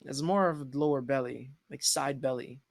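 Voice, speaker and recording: A young man co-hosting a casual TV episode discussion, slangy and animated, often breaking into laughter as he retells scenes. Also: medium pitch, normal speed, gravelly, no echo. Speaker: podcast co-host.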